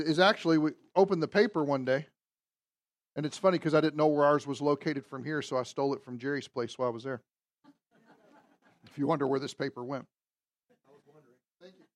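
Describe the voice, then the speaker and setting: High-voiced man preaching with animated swings. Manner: animated preaching, swings from loud emphasis to quiet asides. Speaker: pastor. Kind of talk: sermon. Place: church.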